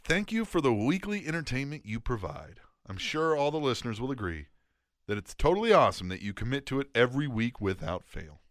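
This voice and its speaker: A man chatting on a podcast with a bright, lively voice that swings up and down. He swears freely and laughs often while fighting off the hiccups. The sound is dry and close. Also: medium pitch, brisk, no room sound. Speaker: podcast co-host. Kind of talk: casual chat.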